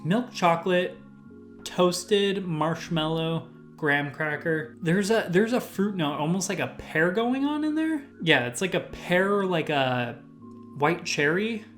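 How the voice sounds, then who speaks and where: A man's voice: sits high, big pitch swings, slow, fairly bright tone, faint music behind. Man casually rattling off whiskey tasting notes. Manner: rambling lists of tasting notes, full of "like" fillers. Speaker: whiskey reviewer, channel host.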